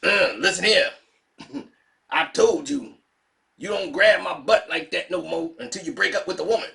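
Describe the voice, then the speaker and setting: A man's voice: high voice, very animated, normal speed, creaky, bright, forceful tone, full character voice. A man voicing a tough, jealous man in a wig who calls himself a woman, scolding and daring someone to fight. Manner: sassy, scolding, challenging.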